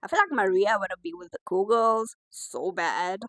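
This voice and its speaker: A woman giving casual, animated commentary on a reality TV show. She laughs often as she reacts. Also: medium pitch, normal speed, dry recording, low-quality recording. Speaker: reality TV reviewer.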